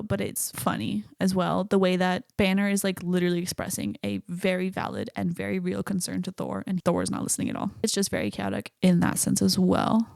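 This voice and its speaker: Woman, podcast host, chatty and casual, swears freely, gravelly voice. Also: medium pitch, darkish tone, dry recording, clean studio sound. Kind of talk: solo podcast movie talk.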